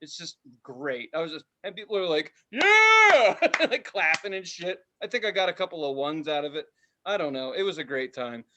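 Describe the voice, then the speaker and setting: A man in his thirties, hosting a casual podcast and telling a story with loud voices and plenty of swearing. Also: a little high, brisk, noisy background. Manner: animated, profane, does loud voices in his stories. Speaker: podcast host.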